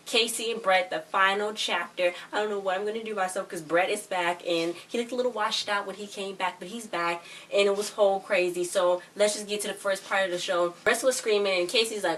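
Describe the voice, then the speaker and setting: A woman recording a casual episode recap video, talking in a chatty, rambling, excitable way. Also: medium pitch, quick pace, few pauses. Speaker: show recap vlogger. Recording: distant mic with faint background noise.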